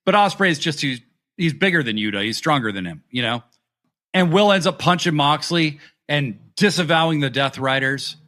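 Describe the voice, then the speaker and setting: Bright-voiced man, animated chatter. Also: a little high, normal speed. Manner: excited, swears freely, acts out quotes. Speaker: podcast co-host. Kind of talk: casual wrestling review chat.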